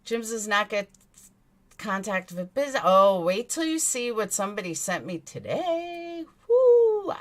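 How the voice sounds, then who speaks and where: Hosting true crime commentary on a livestream, a New York–accented woman with a medium-pitched, slightly bright voice reads chat messages and responds with blunt indignation and free swearing.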